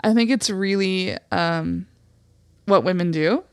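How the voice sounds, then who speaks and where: A woman's voice: on the low side, slow, clean tone, no echo, clean studio sound. A woman in her thirties co-hosting a podcast, chatty and supportive, with plenty of "like" and "um" fillers. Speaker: podcast co-host. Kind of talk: casual chat.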